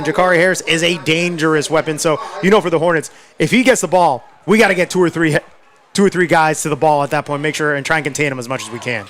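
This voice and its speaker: A man with a high voice calls a high school football game play by play. He talks quickly through the routine snaps and rises to excited shouts when a runner breaks free. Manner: excitable, shouts on big plays. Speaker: play-by-play announcer. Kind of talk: live sports play-by-play commentary.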